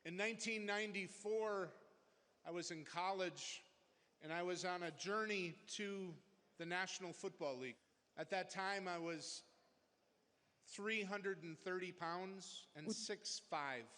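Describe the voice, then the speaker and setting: Man, 40s, high voice, deliberate testimony, reverberant hall. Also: pushed and bright. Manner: plain, deliberate storytelling. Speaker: witness giving testimony. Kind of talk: personal testimony.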